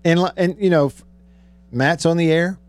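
A man's voice: fairly high pitch, normal speed, no echo. A man hosting a radio show, talking casually, joking and telling stories at a studio mic. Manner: chatty, joking storyteller. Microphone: studio microphone.

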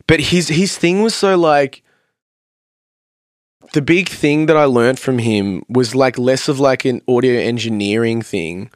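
A man's voice: medium pitch, a little slow, no room sound. A man chatting casually on a podcast, rambling through studio stories with a lot of "like" and acted-out quotes. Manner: rambling storyteller, heavy use of "like", acts out quotes. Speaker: podcast guest, vocalist and producer. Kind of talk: casual chat.

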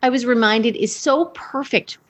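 A woman guest on a chat show, telling family stories in a lively way and laughing often, a little tipsy. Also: on the high side, moderate pace. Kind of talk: casual chat, storytelling.

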